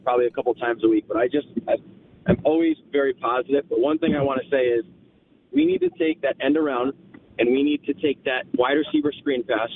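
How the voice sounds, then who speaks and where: A man calling in to a sports radio show, ranting in an exasperated, vivid way. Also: medium pitch. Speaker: caller. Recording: tinny phone line with faint noise.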